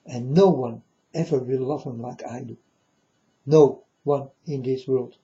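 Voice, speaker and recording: A man with a very dark, mellow voice delivers a solemn, rambling monologue at an unhurried, slow pace. He repeats himself and keeps turning to his listeners as folks. The recording sounds dull and lo-fi. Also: mid-range voice. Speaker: self-styled prophet. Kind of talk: rambling spoken monologue to viewers.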